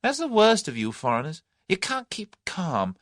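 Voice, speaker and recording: A man's voice: high voice, huge pitch swings, moderate pace, a bit bright, no room sound, studio quality, pitched above the performer's own voice, exaggerated voice. A man playing a cocky young English adventurer. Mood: confident. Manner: breezy, confident, scornful. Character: cocky young Englishman bluffing his captors.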